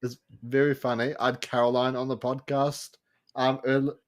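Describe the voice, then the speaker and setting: Guy hosting a podcast, laughs a lot, rambly, mid pitch voice. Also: flat delivery, normal speed. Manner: giggly, rambling and upbeat. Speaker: podcast host. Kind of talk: casual podcast chat.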